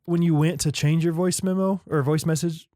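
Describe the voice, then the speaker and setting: A man's voice: a little high, steady tone, moderate pace, warm tone, dry recording, clean studio sound. A man co-hosting a podcast in casual chat, playful and teasing, laughing easily. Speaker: podcast co-host.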